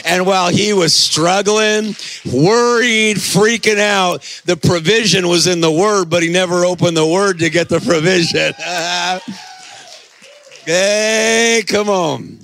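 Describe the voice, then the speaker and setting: A middle-aged male pastor preaching a sermon, telling animated stories and shouting at the high points. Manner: animated storytelling, shouting at peaks.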